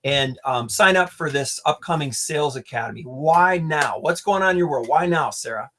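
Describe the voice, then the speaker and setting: A man's voice: fairly high pitch, expressive, moderate pace, fairly bright tone, a little hiss or hum. A man interviewing a guest as a mindset coach, upbeat and encouraging, asking long, winding questions. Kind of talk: casual interview chat.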